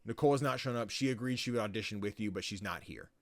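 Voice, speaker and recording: A podcast co-host with a lowish male voice talks fast on a dry, echo-free recording. He casually recaps a story game, rambling along with plenty of likes and ums and swearing freely.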